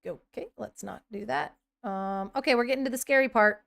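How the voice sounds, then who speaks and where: Scrolling during a casual live stream, a thirtysomething woman comments aloud and sometimes bursts into excited squeals. Her voice is fairly high and gravelly, and she talks fairly quickly with few pauses.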